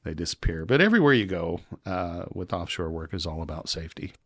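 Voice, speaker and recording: A man, a podcast guest, telling animated, rambling stories in casual chat. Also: low voice, fast, no echo, clean studio sound. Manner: rambling, animated anecdotes with quoted voices. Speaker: podcast guest, local publisher.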